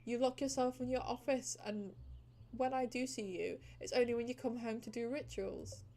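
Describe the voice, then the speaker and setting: A woman's voice: a little high, steady tone, moderate pace, warm tone, natural voice. Woman doing a grouchy baker husband. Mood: scolding. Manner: scolding, curt.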